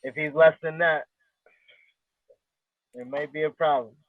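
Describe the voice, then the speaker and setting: A man's voice: on the high side, fairly even intonation, measured pace, no echo. A man, a guest fighter in a casual interview, talking confidently and rambling with lots of fillers. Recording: tinny phone-like line, dry.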